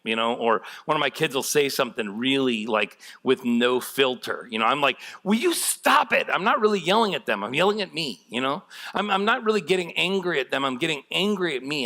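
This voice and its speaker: A man's voice: medium pitch, sharp tone. A man preaching a sermon as pastor, telling candid, self-deprecating stories with a laugh.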